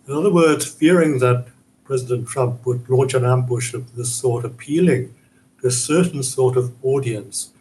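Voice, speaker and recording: A male academic guest analysing events in a news interview, speaking in a measured, emphatic, explanatory way. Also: mid-range voice, warm tone, slight background noise, rough recording.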